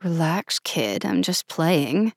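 A cocky young man with a low, smug drawl, as a woman narrator puts him on. He takes his time, teasing and guarded. The voice sits close and dry, with no room around it. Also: big pitch swings, takes it slowly, husky, no room sound, heavily acted.

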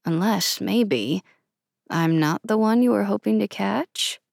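A cocky young man with a low, smug drawl, as a woman narrator puts him on. He takes his time, teasing and guarded. The voice sits close and dry, with no room around it. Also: slow, vocal fry, a little mellow, no echo.

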